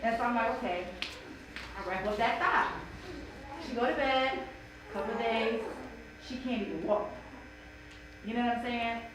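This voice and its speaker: High-voiced woman telling an emotional story. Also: moderate pace, long pauses, crowd noise. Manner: emotional, animated storytelling with acted-out quotes. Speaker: mother sharing in bible study. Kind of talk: personal testimony in a group discussion. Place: church bible study room. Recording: echoey room from far off, noisy.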